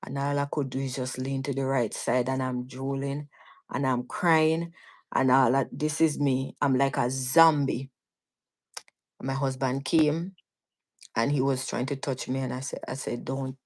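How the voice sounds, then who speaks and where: A woman's voice: very deep voice, fairly even intonation, unhurried. Jamaican woman telling her story earnestly. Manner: earnest, vivid, frequent restarts and repeats. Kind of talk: casual storytelling on a live stream.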